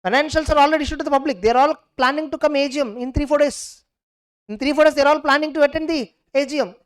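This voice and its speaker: A young woman giving an animated exam revision lecture, acting out both sides of each case and checking her class with "clear?". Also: high-pitched, racing. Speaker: teacher.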